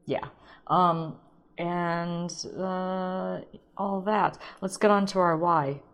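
Low-voiced playful woman podcast host. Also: fairly even intonation. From St. Louis, USA. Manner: playful, chatty, self-mocking, quick asides. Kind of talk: casual solo podcast monologue.

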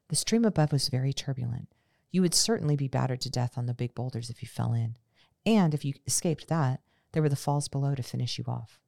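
A woman host reads a memoir in a steady storytelling way, her voice sitting low with a rough, gravelly edge. The sound is dry, with no room echo. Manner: steady storytelling with casual unscripted sign-off. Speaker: podcast host. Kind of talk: reading a memoir aloud.

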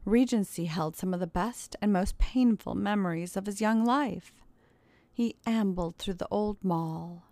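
A woman narrating a story in a steady, measured way. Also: mid-range voice, no echo. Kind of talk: audiobook narration.

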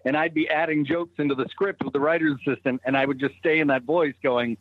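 A man's voice: fairly high pitch, steady tone, fast, dry recording, narrow, tinny audio. A man from Boston, a guest on a podcast, telling stories animatedly and swearing freely in casual chat. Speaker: guest, show creator.

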